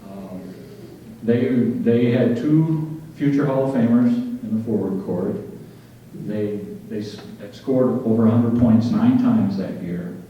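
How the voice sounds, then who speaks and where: A man's voice: mid-range voice, takes it slowly, slight background noise. A man emceeing a luncheon panel, chatty and anecdotal, often repeating himself. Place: large banquet hall. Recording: dull, echoey hall from far off.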